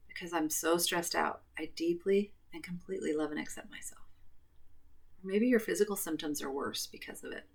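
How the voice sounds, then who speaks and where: A woman coaching a guided tapping session, calmly repeating affirmations. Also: fairly low pitch, gravelly. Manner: calm, repetitive affirmation phrasing.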